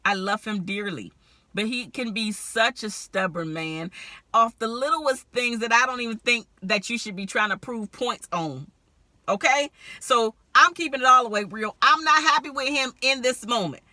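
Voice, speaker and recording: A woman with a very bright, forward voice giving relationship advice straight to camera. She talks candidly and with animation, often breaking into laughter. The sound is close and dry, with no room around it. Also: fairly high pitch, expressive, normal speed, dry recording. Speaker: relationship strategist. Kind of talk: direct-to-camera advice vlog.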